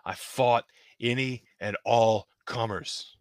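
A man's voice: mid-range voice, fairly even intonation, slow pace, no room sound. A man voicing a scrappy, determined wrestler in an earnest promo.

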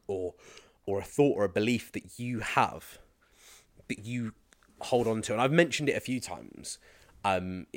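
A man's voice: fairly low pitch, no room sound. A man, a fitness and mindset coach, chatting casually as a podcast guest and telling stories animatedly, slipping into other people's accents. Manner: animated storyteller who slips into mimicking accents.

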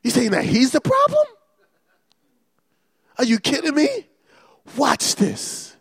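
Man, pastor, fervent repetitive sermon, high pitch, gravelly. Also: wildly swooping pitch, slow pace, dry recording, clean studio sound. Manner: fervent, repetitive preaching that builds to shouts.

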